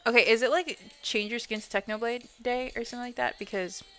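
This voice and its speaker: Young woman gaming streamer, slightly high voice, loose and profane chatter, faint music underneath. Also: steady tone, fairly quick, sharp tone. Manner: swears freely, blurts exclamations, rambles to chat. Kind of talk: casual live-stream chat while playing.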